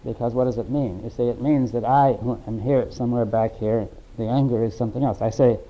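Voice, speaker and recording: A man in a philosophical discussion, talking haltingly and often checking in with "right?" and "you see". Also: mid-range voice, steady tone, warm tone, low-quality recording. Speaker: discussion participant.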